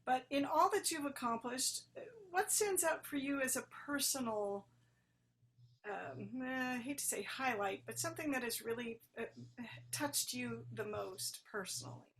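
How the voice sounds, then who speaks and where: A woman's voice: high voice, normal speed, fairly bright tone, slight background noise. A woman hosting a webcast interview over a video call, gracious and hesitant with fillers. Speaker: host, interviewer.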